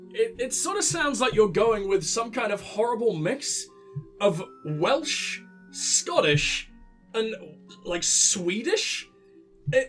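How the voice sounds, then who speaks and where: A man's voice: extremely high pitch, fairly bright tone. A sick man with a headset, mocking the game in sweary let's play commentary and laughing at his own jokes. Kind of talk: casual gameplay commentary.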